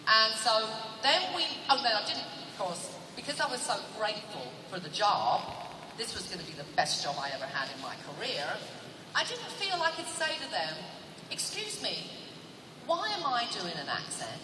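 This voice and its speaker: A woman's voice: mid-range voice, normal speed. English woman telling stories in a hall. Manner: animated, playful, teasing asides to the crowd. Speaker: convention panel guest. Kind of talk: comic storytelling to a live audience. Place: large convention hall. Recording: echoey hall recorded from far off with loud crowd. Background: audience laughter and crowd noise.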